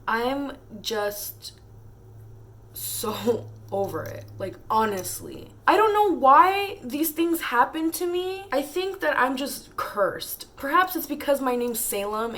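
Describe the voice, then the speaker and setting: A woman's voice: fairly high pitch, lively intonation, slow, fairly bright tone. A young woman vlogging an emotional, exasperated rant, tired and laughing through her frustration. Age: young adult.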